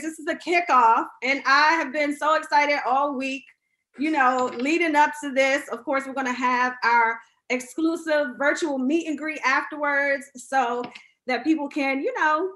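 A woman hosting a casual interview show, bubbly and quick to laugh. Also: sits high, pushed and bright. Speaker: host.

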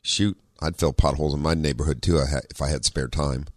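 A middle-aged man hosting a car talk radio show, relaxed and rambling with many ums and easy laughs. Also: fast, no room sound, clean studio sound. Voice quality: very low radio voice. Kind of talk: casual talk radio chat. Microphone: studio microphone.

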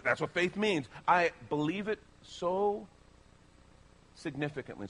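A man pastor delivering a sermon, speaking emphatically and persuasively to his congregation. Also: a little hiss or hum. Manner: animated, emphatic preaching with sweeping pitch.

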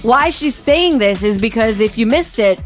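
Woman radio co-host, chatty and teasing, fairly high voice, faint music underneath. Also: moderate pace. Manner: chatty, teasing, lively storyteller. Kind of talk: morning radio banter.

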